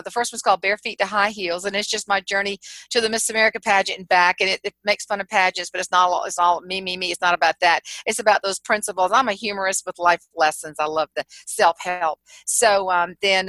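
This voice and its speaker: A middle-aged woman with a Southern accent from South Carolina, a humorist guest telling lively stories in a casual interview and laughing often. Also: mid-range voice, fairly quick, few pauses, dry recording, low-quality recording. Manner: storytelling, animated, laughs often.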